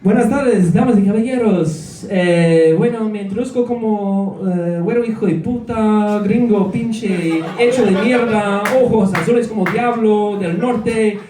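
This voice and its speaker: A man's voice: sits high, pitched above the performer's own voice, lightly acted. A man putting on a brash Spanish-speaking alter ego. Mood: boastful crude. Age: 30s. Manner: loud, theatrical, rapid Spanish delivery. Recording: echoey room, voice from far off.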